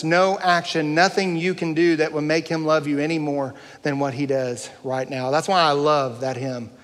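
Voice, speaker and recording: A man's voice: fairly high pitch, a bit bright, long reverb tail. A male pastor preaching a sermon, earnest, building through rising rhetorical questions.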